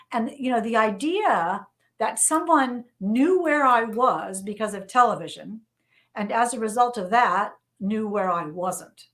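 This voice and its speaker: A middle-aged woman with a slightly higher-pitched voice, speaking as an interview guest. She tells animated stories from her working life and keeps repeating key phrases for emphasis. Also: unhurried. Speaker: interview guest, journalist and novelist. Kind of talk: conversational storytelling interview.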